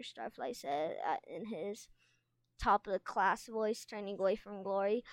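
A woman's voice: mid-range voice, moderate pace, no room sound. Woman reading a novel aloud. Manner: steady reading with small stumbles. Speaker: reader.

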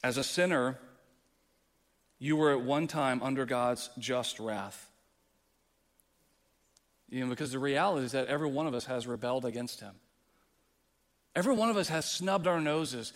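Impassioned preacher in an echoing hall. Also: male voice, medium pitch, moderate pace, long pauses. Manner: impassioned preaching, swings from quiet to loud. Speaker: pastor. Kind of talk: sermon. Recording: long hall reverb.

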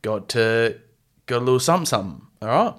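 A man with an Australian accent co-hosting a casual podcast, telling an animated story with laughs. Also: mid-range voice, fast. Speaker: podcast co-host.

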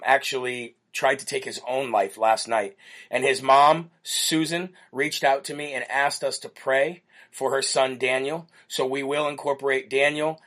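Rambling earnest American talk host. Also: male voice, mid-range voice, fairly bright tone. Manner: rambling, repeats words, earnest; folksy and religious, addresses "folks". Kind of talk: casual live political talk show.

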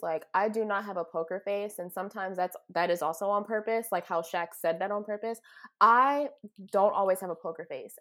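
A woman co-hosting a casual sports talk show, speaking with animated, dramatic emphasis. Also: mid-range voice. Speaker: co-host.

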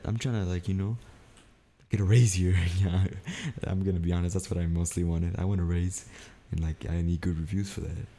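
A young man with a low, mellow voice tells a story on his podcast. He swears freely and acts out the argument with animated energy. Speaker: podcast co-host. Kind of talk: casual chat.

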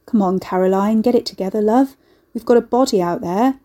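A woman's voice: medium pitch, a little fast, mellow, close to an everyday voice. A woman voicing a shifty, sarcastic male soothsayer, talking in a blunt, teasing way. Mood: brusque. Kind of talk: audiobook character voice.

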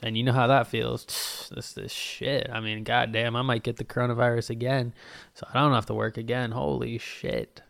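A young man rambles through a solo podcast, swearing freely and joking as he goes. His voice has a gravelly fry at the edges yet stays smooth and resonant. The sound is dry and close, with no room around it. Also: mid-range voice, level tone, normal speed, a bit bright, no room sound. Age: 20s. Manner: profane, rambling and jokey. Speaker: podcast host. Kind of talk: casual solo podcast rant.

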